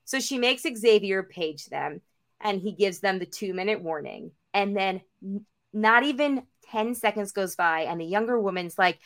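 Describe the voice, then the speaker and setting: A young woman co-hosting a podcast, telling a long story in casual chat, full of "like" and acting out everyone's lines with big jumps in pitch. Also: moderate pace. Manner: animated, acts out quotes with big pitch jumps; peppered with "like" and casual swearing. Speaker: podcast co-host.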